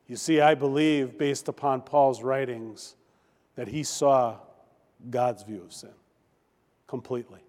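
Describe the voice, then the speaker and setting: A male pastor preaching a sermon in a church, slow and emphatic with deliberate pauses. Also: on the high side, darkish tone. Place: church sanctuary. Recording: long hall reverb.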